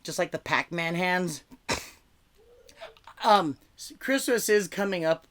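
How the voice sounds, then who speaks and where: Delivering a chatty, rambling comedy set over a video call, a man fills his talk with "like" and restarts. He's high-pitched and fairly bright, with lively intonation, and takes it slowly.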